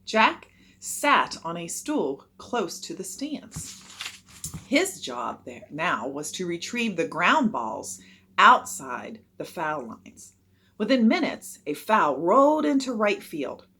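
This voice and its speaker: A woman narrates a children's chapter book aloud with expressive storytelling. Her voice is slightly husky, and her pitch swings in lively arcs through each line. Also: slow pace.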